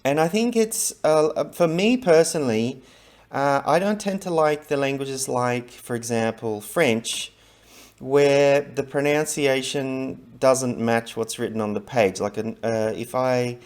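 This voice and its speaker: A man's voice: mid-range voice, unhurried, a little mellow. A middle-aged man talking casually to camera about learning languages, chatty and rambling, with many fillers and restarts.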